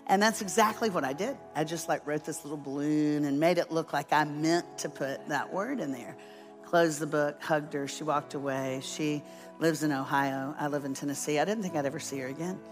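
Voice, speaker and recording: A woman's voice: deep voice, moderate pace, faint music behind. A woman preaching as a guest speaker, telling a story with humor, poking fun at herself and acting out what people said. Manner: humorous, self-deprecating storyteller who acts out quotes. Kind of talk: storytelling sermon.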